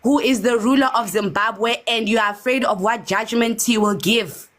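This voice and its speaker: High-pitched woman debater, insistent, keeps interrupting. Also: steady tone, moderate pace, a bit bright. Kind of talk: heated debate.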